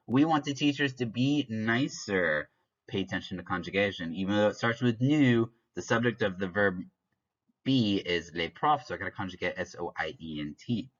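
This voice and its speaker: Deep-voiced man teaching a lesson. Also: animated, moderate pace, a bit bright. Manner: explains step by step, switching between French examples and English glosses; offhand asides and small jokes. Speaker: French teacher. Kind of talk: recorded classroom lesson. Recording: dull lo-fi recording.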